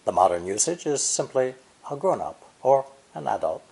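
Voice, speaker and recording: Lively-pitched man narrating a language lesson. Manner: measured, clear explanations with repeated demonstration syllables. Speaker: language teacher. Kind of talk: scripted educational narration.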